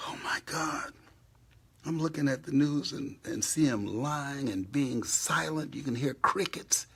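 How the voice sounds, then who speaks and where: A man giving an impassioned live motivational talk from a hotel room, swinging between hushed whispers and loud outbursts. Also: mid-range voice, a little slow, creaky, husky. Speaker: motivational speaker. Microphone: live stream.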